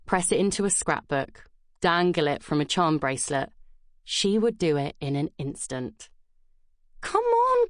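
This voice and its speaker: A woman narrating an audiobook in a measured, gentle storytelling manner. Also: sits low, dry recording, studio quality. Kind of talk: scripted narration.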